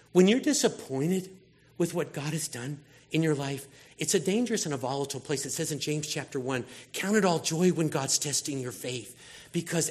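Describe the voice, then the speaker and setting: A man preaching a sermon in a casual, conversational way, acting out voices as he retells stories. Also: fairly high pitch. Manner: casual, animated storytelling with acted-out voices. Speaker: pastor.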